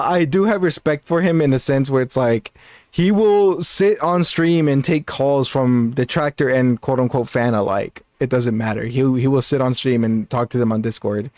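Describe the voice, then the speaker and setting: A man's voice: mid-range voice, darkish tone, dry recording, studio quality. Rambling man on a casual gaming podcast. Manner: rambling, many restarts and laughs. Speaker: podcast co-host.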